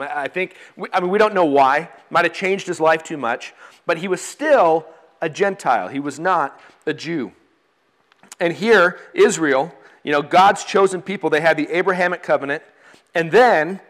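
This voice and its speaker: A man's voice: high-pitched, fairly bright tone. A man preaching a sermon in a conversational way, with fillers and restarts, reading scripture aloud. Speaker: pastor.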